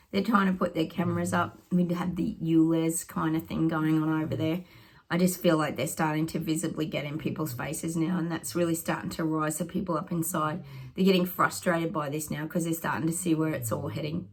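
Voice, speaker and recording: A woman's voice: low voice, fairly even intonation, brisk. A middle-aged woman psychic giving rambling predictions to her viewers, thinking aloud and often dropping into whispered asides.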